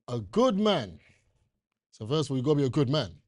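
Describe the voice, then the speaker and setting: British elder preaching, lively rising and falling delivery, dry close sound. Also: male voice, a little high, normal speed, no room sound. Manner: animated, emphatic scripture reading. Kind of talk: sermon.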